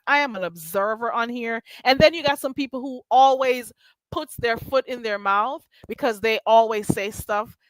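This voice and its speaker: A woman with a bright, forceful voice gives blunt, emphatic commentary, swearing freely as she makes her point. Her voice sits a little high, and the sound is dry and close. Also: dry recording. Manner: blunt, emphatic, profane ranting. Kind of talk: casual commentary chat.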